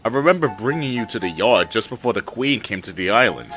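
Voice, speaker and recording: A man voicing a proud male express engine who speaks slowly and sounds puzzled. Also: on the low side, animated, a bit bright, rough recording. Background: music.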